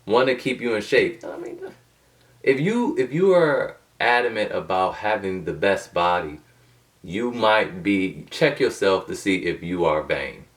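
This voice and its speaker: A man with a fairly low voice talks to camera in a loose, rambling way, full of slang, restarts and side tangents. He sits back from the microphone, so the sound is a little distant. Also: expressive, measured pace. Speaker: motivational video host. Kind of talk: casual talking-to-camera monologue.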